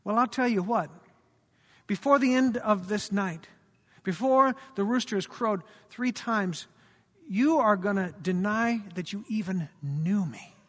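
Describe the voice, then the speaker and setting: A calm, knowing teacher speaks in a quiet, measured voice, as a preacher voices him. The sound carries a long hall reverb. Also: male voice, high voice. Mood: gently knowing.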